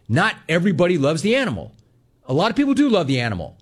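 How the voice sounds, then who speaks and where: A man hosting a sports talk show, telling a long story in a casual, animated way. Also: fairly high pitch, fast, slightly rough. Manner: animated storytelling, mimics callers and others in quotes. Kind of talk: casual radio-style monologue.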